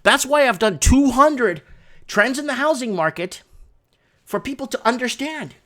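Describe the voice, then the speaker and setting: A man hosting a casual livestream from a home studio, talking through chat messages in an excitable, rambling way. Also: extremely high pitch, measured pace. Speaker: livestream host.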